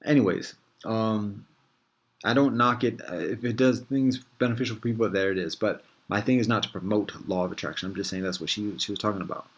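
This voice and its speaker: A man with a somewhat low voice talks through his thoughts in a relaxed, rambling monologue. He circles back, restarts sentences and drops casual slang as he hosts. The delivery is easygoing and reflective. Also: fairly quick, slightly rough. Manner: meandering, thinks aloud with frequent restarts. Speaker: host.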